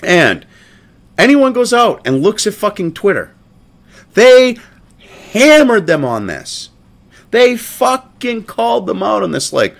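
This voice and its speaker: A man's voice: sits high, very animated, measured pace, creaky. A man hosting a commentary show, ranting profanely and mocking a statement as he reads it aloud.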